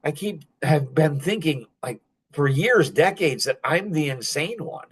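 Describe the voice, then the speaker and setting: A man in his sixties talks alone on his podcast, his voice sitting a little high for his age. He rambles from story to story with heavy sarcasm, piles up fillers, and jumps sharply up in pitch when he mocks something. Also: lively intonation, a little slow, slightly rough, rough recording. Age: 60s. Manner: many fillers like "like" and "you know". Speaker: podcast host. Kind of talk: casual monologue.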